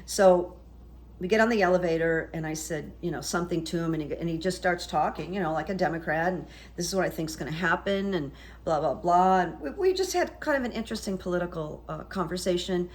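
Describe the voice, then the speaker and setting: A woman's voice: on the low side, expressive, fairly quick. A middle-aged woman, a psychic, chatting casually on her vlog in a rambling, storytelling way full of fillers. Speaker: psychic YouTuber.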